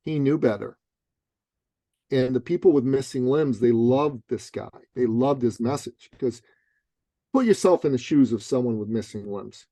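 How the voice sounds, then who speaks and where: Lively storytelling man, dry close sound. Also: mid-range voice, moderate pace, no room sound. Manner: lively, punchy, acts out other people's voices. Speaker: author and business coach, guest. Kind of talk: animated storytelling in an interview.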